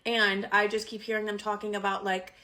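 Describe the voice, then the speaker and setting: A woman's voice: medium pitch, a little fast. A woman in her twenties telling a personal story casually, acting out quotes and swearing freely. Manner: animated, acts out quotes, swears a lot. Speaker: storyteller in a clip.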